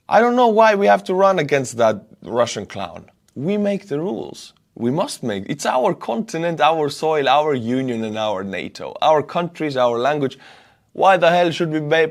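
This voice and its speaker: A man's voice: medium pitch, sing-song, moderate pace. A man, giving blunt, emphatic solo commentary on war news and pushing into indignant outbursts. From Estonia.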